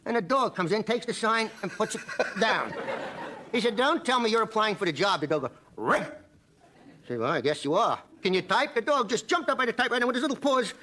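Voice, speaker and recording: A man's voice: high voice, animated, brisk, noisy background. A man comedian telling a joke story, laughing through it as he goes. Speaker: stand-up comedian.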